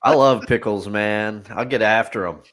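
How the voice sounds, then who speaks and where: A man's voice: lowish voice, normal speed, fairly bright tone. A man co-hosting a casual podcast, easygoing and jokey. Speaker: podcast co-host.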